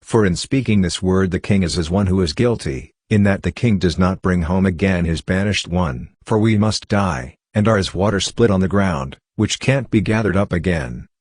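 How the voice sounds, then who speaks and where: Man, very low voice, Bible reading, steady and measured, dry close sound. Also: dry recording. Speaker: Bible reader. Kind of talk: scripted scripture reading.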